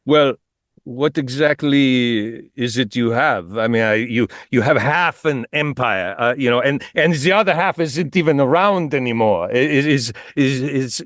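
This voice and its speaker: A flustered adviser, as a man puts him on, who stumbles and hesitates through every sentence. He talks slowly in a dry, close sound. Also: medium pitch, expressive, fairly bright tone, dry recording. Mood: hesitant. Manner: halting, stammering with many fillers.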